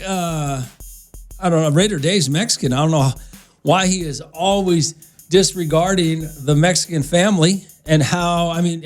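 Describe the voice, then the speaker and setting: Radio host guy, kinda high voice, blunt and insulting, faint music under him. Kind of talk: opinionated radio talk.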